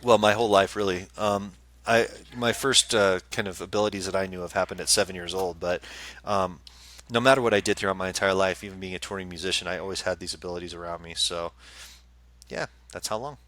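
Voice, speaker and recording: Rich: A man with a low, bright and forceful voice tells a story in a casual chat show. He talks in an animated way and puts on the voices of the people in his story. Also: fast. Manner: animated storyteller, acts out quotes. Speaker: co-host and psychic medium. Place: live streamed show.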